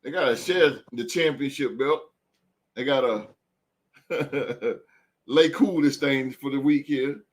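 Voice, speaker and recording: A man's voice: mid-range voice, takes it slowly. A man hosting a sports podcast in a loose, hyped way, tagging his lines with "man" and "son.". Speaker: podcast host. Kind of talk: casual sports talk.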